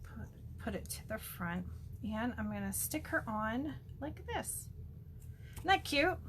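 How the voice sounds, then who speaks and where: A woman's voice: a little high, very animated, unhurried, noisy background. A woman chatting through a casual card-making demo, gushing and full of ums. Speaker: stamping demonstrator.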